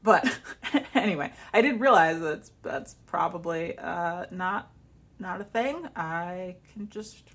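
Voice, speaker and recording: Woman vlogger, chatty and animated storyteller, voice a touch low. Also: takes it slowly, slight background noise. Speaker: vlogger and author. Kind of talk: casual chat.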